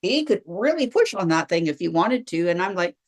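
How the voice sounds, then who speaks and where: A middle-aged woman, a guest telling her own story in a lively conversational way and acting out what she thought at the time. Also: on the low side, brisk. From Canada. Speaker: guest, wellness practitioner.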